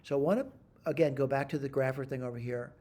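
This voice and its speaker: Mellow-voiced man thinking aloud through math. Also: medium pitch, fairly even intonation, fast talker. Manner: thinks aloud, self-correcting, frequent "all right?". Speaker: math instructor. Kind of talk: screen-recorded math tutorial.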